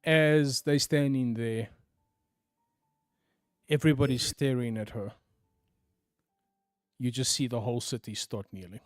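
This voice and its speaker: A man's voice: medium pitch, steady tone, unhurried, long pauses, no echo, clean studio sound. Man narrating as game master. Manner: descriptive narration that drops to hushed tones.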